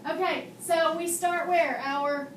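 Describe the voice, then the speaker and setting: High-voiced female teacher who quizzes patiently and models each sound, recorded from a distance in an echoey classroom. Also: fairly even intonation, moderate pace. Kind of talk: classroom phonics and handwriting lesson. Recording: echoey room, mic far off, faint hum.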